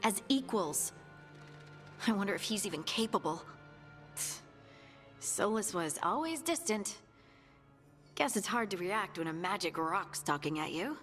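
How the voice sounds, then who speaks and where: Harding, a reflective young scout. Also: female voice, mid-range voice, animated, a little slow, long pauses, faint music behind. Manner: quiet, reflective. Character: thoughtful young female scout, steady and forgiving. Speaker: game character. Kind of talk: video game dialogue.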